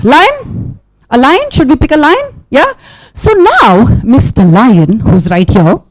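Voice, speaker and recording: A woman telling an interactive story to a live audience, keeping it animated with questions and sound effects. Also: medium pitch, dry recording. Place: festival session with a live audience.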